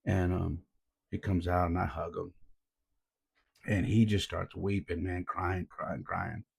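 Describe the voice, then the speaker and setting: A man's voice: low voice, level tone, slow pace, gravelly, darkish tone, slightly rough. A man who coaches youth baseball and hosts a podcast, telling stories in a laid-back, earnest way and often saying "man". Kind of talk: casual reflective storytelling.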